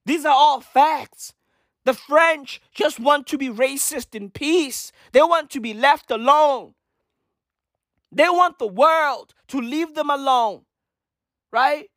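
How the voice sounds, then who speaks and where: A man's voice: very high-pitched, slow pace, a bit bright, no room sound, clean studio sound. A man podcaster delivering a profane, emphatic rant, repeating his points over and over. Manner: emphatic, repetitive, heavy swearing. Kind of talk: profane ranting commentary.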